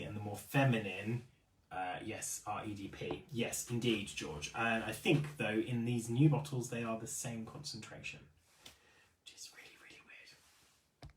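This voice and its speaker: This man hosting a beauty retailer's live stream has a medium-pitched voice and sounds far from the mic in an echoey room, with slight background noise. He keeps things casual, reads viewer comments and often apologises.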